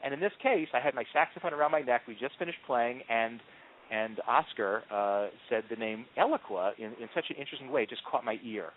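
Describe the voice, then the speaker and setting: A man being interviewed as a marketing executive, telling stories in an animated way with frequent ums and restarts. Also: medium pitch, brisk, slight background noise. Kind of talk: conversational interview answers. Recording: tinny phone-line audio.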